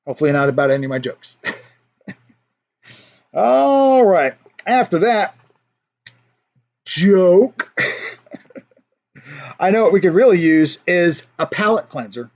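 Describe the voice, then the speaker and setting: A man's voice: high-pitched, very animated, takes it slowly, long pauses, lo-fi sound. A man hosting a casual livestream, telling a joke and chatting with viewers in a playful way, chuckling at his own jokes. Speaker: livestream host.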